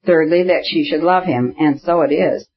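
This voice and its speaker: A man reading the part of an eager, excited young noblewoman in an audiobook. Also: a little high, moderate pace, highs cut off, close to an everyday voice. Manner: eager, gushing.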